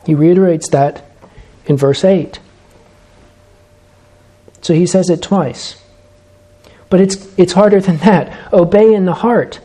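Guy preaching a sermon, kinda high voice but soft and warm, slow and emphatic on the big lines. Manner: measured, emphatic, slows for key phrases.

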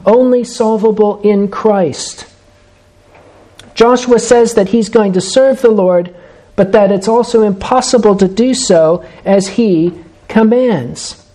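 A man preaching a sermon, measured and emphatic, slowing down to stress key phrases. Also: high voice, mellow.

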